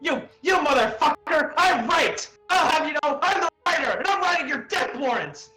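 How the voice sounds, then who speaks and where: A man voicing a furious, blustering paper-mache writer creature, shouting in a high voice. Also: lively intonation, normal speed, reverberant, faint music behind, exaggerated voice, rough recording. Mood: enraged.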